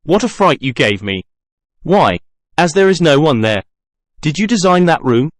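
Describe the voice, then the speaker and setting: Timid, pleading young woman voiced by a male reader, with expressive lift in the voice, for a storybook reading. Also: fairly high pitch, moderate pace, no room sound, clean studio sound. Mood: nervous. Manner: soft, pleading.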